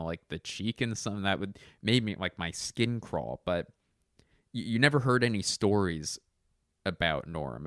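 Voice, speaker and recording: A low-voiced man talks in a loose, rambling way, piling up fillers and restarting sentences as he gets animated. The recording is dry and close, with no room sound around him. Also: smooth, no echo. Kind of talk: casual chat.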